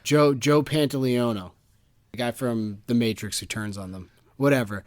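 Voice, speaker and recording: A man's voice: medium pitch, normal speed, no room sound. Male co-host, casual chat, exasperated ranting delivery, dry booth sound. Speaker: podcast co-host.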